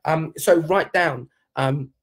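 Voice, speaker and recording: Speaking slowly in a slightly high voice, a dance company leader hosts a live stream from home in lockdown. He talks directly to his viewers, keeping his motivational message upbeat and encouraging.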